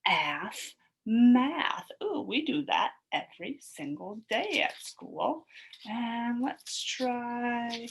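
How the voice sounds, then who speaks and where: A woman's voice: mid-range voice, a little hiss or hum, poor audio. A woman teacher leading a phonics lesson for young children, sounding out word parts, blending them and praising the class in a sing-song way. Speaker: elementary school teacher.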